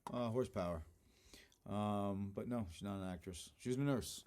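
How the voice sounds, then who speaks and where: A man, a guest actor and producer, talking casually in an interview, relaxed, with easy laughs and hesitant fillers. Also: on the low side, moderate pace.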